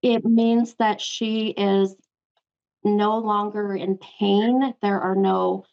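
A woman psychic medium gives a reading to a caller on her show, calling her hun again and again. Her voice is heavily gravelly with vocal fry, and the audio sounds dull and lo-fi. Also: medium pitch, steady tone, extremely slow. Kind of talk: live call-in spirit reading.

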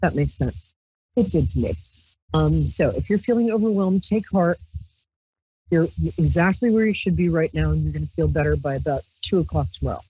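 Husky, chatty New woman host. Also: low voice, lively intonation, fairly quick, dark tone, no room sound. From Brooklyn, New York. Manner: rambling, chatty, playful with squealed exclamations. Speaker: psychic radio host. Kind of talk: casual call-in show chat and tarot reading. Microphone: handheld mic. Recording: dull lo-fi dry stream audio.

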